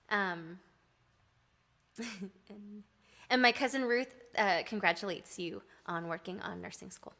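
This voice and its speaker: A woman singer-songwriter chatting casually on a live stream, thanking fans with frequent "um"s and soft laughs. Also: medium pitch, measured pace. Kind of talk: casual chat between songs.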